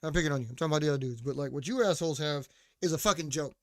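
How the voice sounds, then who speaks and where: A man with a high voice rants as a podcast host, swearing freely and mocking his listeners, with filler words everywhere. The sound is dry and close, with no room around it. He also breaks off now and then to answer someone off-mic. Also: very fast, no echo. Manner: profane, mocking rant with frequent fillers; responds to chat or co-host mid-rant. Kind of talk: casual ranting monologue.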